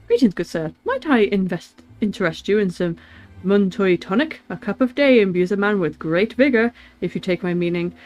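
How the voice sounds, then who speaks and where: A woman reading a smooth-talking male merchant from a game, with salesy, theatrical courtesy. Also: mid-range voice, expressive, normal speed, darkish tone, faint music behind, lightly acted. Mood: wheedling.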